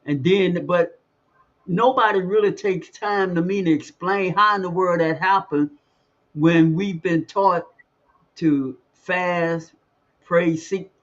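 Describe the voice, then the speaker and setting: Man, somewhat high voice, halting reflective co-host; dull lo-fi recording. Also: a bit bright. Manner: halting, restarts often, searching for words. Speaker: podcast co-host. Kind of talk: casual reflective conversation.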